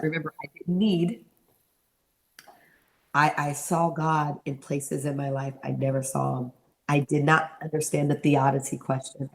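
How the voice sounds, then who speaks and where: A deep, creaky voice belongs to a middle-aged woman being interviewed. She shares a personal story animatedly and acts out the voices of the people she quotes.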